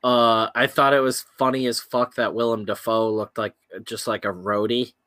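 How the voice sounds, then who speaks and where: A man's voice: medium pitch, normal speed, no echo. A man in casual podcast chat, telling stories with lots of swearing, recording remotely from home. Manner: profane, animated storytelling. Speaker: podcast co-host. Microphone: headphones with remote podcast mic.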